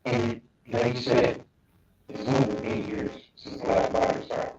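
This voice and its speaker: A man's voice: medium pitch, level tone, measured pace, a little mellow. A man co-hosting a podcast, rambling through his thoughts with many ums and restarts. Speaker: podcast co-host. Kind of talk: casual podcast discussion. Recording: distant, echoey, dull remote audio.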